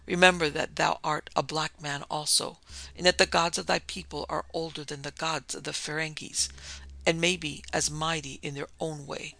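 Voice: mid-range voice, little pitch movement, normal speed, creaky, sharp tone, low-quality recording. A reader voicing a defiant male priest who gives a solemn, menacing warning.

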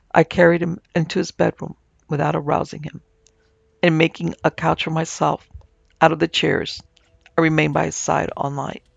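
A man narrating a scripted supernatural tale in a steady, measured way. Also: a little high, gravelly, no room sound. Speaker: narrator and producer. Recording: dull, dry lo-fi audio.

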